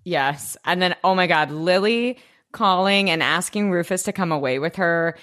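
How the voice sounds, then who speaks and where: A woman's voice: on the low side, normal speed, a bit bright. A woman co-hosting a podcast, chatting casually and animatedly, swearing and acting out lines in mock voices. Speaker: podcast co-host. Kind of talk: casual recap chat.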